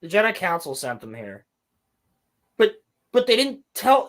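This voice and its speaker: A man co-hosting a podcast, recapping a show in casual chat, animated and swearing often. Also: sits high, a little slow. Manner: animated, swears a lot, mimics characters. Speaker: podcast co-host.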